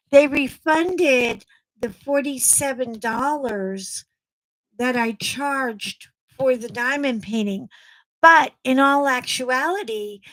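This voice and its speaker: A woman's voice: sits high, fairly bright tone, poor audio. A woman with a Texan accent rambling chattily to her viewers in casual, salty talk. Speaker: vlogger. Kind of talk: casual chat.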